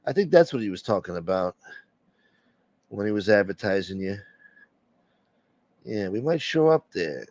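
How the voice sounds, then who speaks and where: A man's voice: lowish voice, very animated, moderate pace, long pauses, a little mellow, no echo, highs cut off. A man hosting a casual livestream, joking brashly with viewers and swearing freely. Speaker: livestream host.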